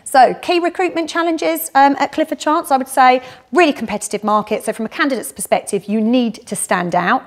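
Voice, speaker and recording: A middle-aged woman with a South London accent and a fairly high voice. She answers questions in a quick, upbeat, chatty way, like someone at ease talking about her work. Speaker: head of graduate recruitment. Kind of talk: casual walk-and-talk interview.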